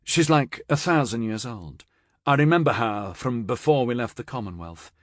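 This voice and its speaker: A man's voice: medium pitch, lively intonation, normal speed, no echo, close to an everyday voice. A man reading an audiobook voices a sassy, teasing woman with a cool, level manner. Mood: dismissive. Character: sassy, level-eyed older woman, teasing yet stern.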